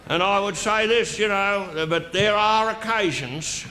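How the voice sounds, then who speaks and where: A man's voice: high-pitched, measured pace, bright, forceful tone. A man doing a boozy, crude Australian dignitary. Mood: boozy bluster. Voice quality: bawdy, mock-sentimental, blustering. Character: boozy, crude, pompous middle-aged male Australian dignitary. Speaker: stand-up comedian in character. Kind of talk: live comic monologue. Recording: live stage with audience noise.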